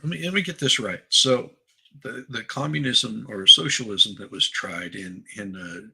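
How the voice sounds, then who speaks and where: Male co-host, sharp bright gravelly tone, halting sarcastic delivery. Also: fairly low pitch, low-quality recording. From United States. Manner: halting, many restarts, sarcastic. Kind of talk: casual political chat.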